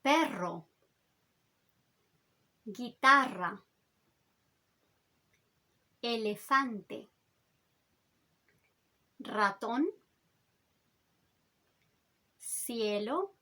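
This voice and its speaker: A woman teaching the alphabet in an upbeat, encouraging lesson, spelling out letters slowly. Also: sits high, fairly bright tone. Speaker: language teacher. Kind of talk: friendly language lesson.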